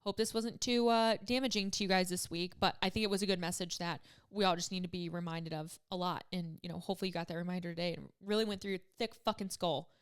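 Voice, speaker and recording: A woman's voice: fairly low pitch, fairly even intonation, quick pace, few pauses, clean tone. A woman in her twenties hosting a solo podcast, talking casually and emotionally, choked up and rambling with many fillers. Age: 20s. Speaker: podcast host.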